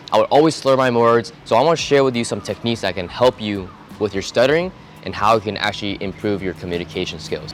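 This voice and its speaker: A young man talking straight to camera in a casual advice vlog, relaxed and conversational, acting out short example dialogues. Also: medium pitch, slight background noise. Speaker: vlogger giving self-improvement tips.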